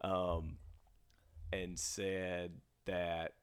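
A man's voice: low voice, little pitch movement, drawn-out words, smooth. A man with a faded Texan twang co-hosting a podcast, telling stories in a rambling, easygoing way with frequent restarts. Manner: rambling, restarts a lot, laughs easily. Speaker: podcast co-host. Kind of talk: casual chat.

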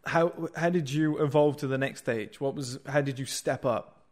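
A young man hosting a podcast, asking relaxed, chatty questions full of fillers. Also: medium pitch, moderate pace. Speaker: podcast host. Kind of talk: casual podcast interview.

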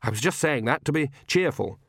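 A man's voice: fairly high pitch, expressive, brisk, fairly bright tone, no room sound, studio quality, voice pushed up. A man voicing an earnest, anxious young male priest in a storybook reading, hesitant and a little defensive. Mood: placating.

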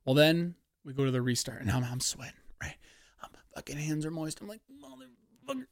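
A man hosting a podcast, giving a casual, profane, excitable race recap with sudden loud outbursts. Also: mid-range voice, brisk, no echo, studio quality. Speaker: podcast host.

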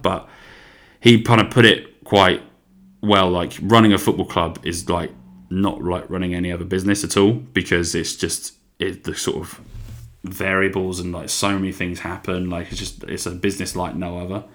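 Deep-voiced man rambling through a solo podcast. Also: fairly bright tone. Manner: rambling, swears freely, self-deprecating. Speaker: podcast host. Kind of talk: solo casual chat.

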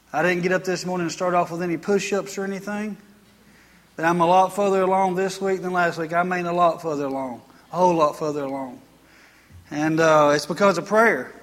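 A man's voice: sits high, a bit bright, big-room sound. A man preaching a sermon as pastor, earnest and folksy, repeating phrases for emphasis.

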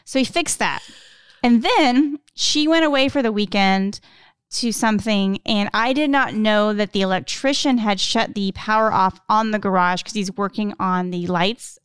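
A woman, co-hosting a podcast and telling an animated story with acted-out quotes. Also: medium pitch, moderate pace, smooth, dry recording. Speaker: podcast co-host. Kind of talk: casual chat.

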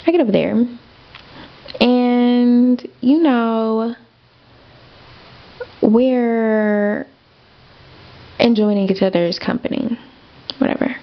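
Young woman podcast host, candid storyteller, gravelly fry, muffled lo-fi sound. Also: on the high side, drawn-out words, pauses often. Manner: candid, chatty, many fillers and asides to listeners. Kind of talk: personal storytelling chat.

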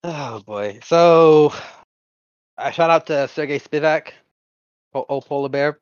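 A man's voice: a little high, slow pace, clear, resonant tone, no echo, highs cut off. A man from Florida co-hosting a casual podcast, joking and cursing as he chats. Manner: profane, joking banter. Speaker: podcast co-host. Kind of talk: casual chat.

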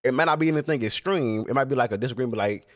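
A man's voice: medium pitch, racing, fairly bright tone. A man talking casually in a reflective monologue, rambling and swearing freely.

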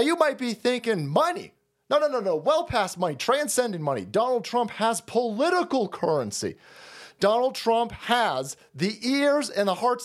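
A man with a strikingly high voice tears through a profane political rant on his stream, running hot and relentless. He repeats himself for force and slips into sarcastic, mocking imitations of the people he argues against.

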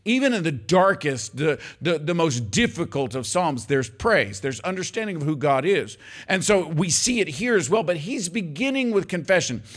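Older male pastor, slightly high voice, emphatic, conversational sermon delivery. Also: very animated, normal speed, few pauses. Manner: emphatic, conversational preaching, addressing congregation as y'all.

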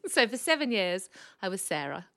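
A woman, a speech pathologist guest, telling lively anecdotes and laughing often. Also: mid-range voice, normal speed, gravelly. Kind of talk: casual storytelling chat.

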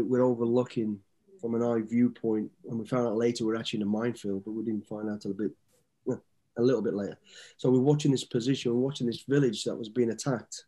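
Warm and mid-range, this fifty-something man's voice carries easygoing, meandering stories as an interview guest, and he often starts his sentences over.

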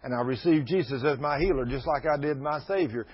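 A sixty-something preacher talks a little fast in a husky, fairly high voice, folksy and emphatic as he addresses his flock. His sermon eventually turns into fervent prayer, all captured on a dull lo-fi recording.

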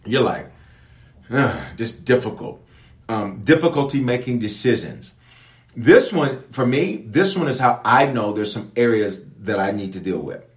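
A man, a bishop, preaching online about grief, listing symptoms one by one and acting out everyday scenes in a lively, conversational way. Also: medium pitch, normal speed, roomy sound. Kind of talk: online sermon teaching on grief.

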